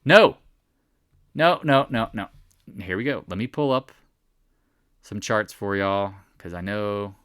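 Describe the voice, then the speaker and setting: Bright, clear, and resonant, this man's mid-range voice carries a laid-back daily recap of the stock market in a studio-quality recording free of room sound. Sarcasm runs throughout as he ridicules imaginary viewers in exaggerated put-on voices.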